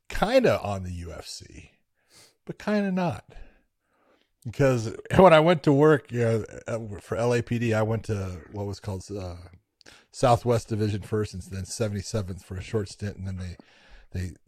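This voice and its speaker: A man co-hosting a podcast, chatting casually and telling stories with lively, profane asides. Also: fairly low pitch, moderate pace, no echo, clean studio sound. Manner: lively storytelling, casual swearing. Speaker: podcast co-host. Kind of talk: casual chat.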